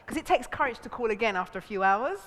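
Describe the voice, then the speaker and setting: A woman's voice: fairly high pitch, fast talker. A woman leading a relationships seminar, talking animatedly and acting out voices with frequent laughs. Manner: animated, acts out voices in quotes, laughs often. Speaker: seminar leader. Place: seminar room. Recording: long hall reverb.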